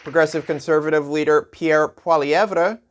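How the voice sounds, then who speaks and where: A man's voice: fairly high pitch, fairly even intonation, normal speed, slight background noise. A man hosting a late-night comedy show, delivering a sarcastic news monologue and laughing at his own jokes.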